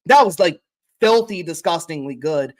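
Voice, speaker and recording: A woman's voice: fairly low pitch, animated, normal speed, a crowd in the background. A woman co-hosting a casual sports podcast, ranting profanely and with exasperation. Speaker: podcast co-host.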